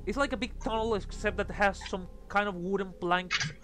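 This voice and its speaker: A man's voice: high voice, steady tone, fairly quick. A man running a tabletop game as game master, narrating a scene in descriptive bits with restarts. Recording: music in the background.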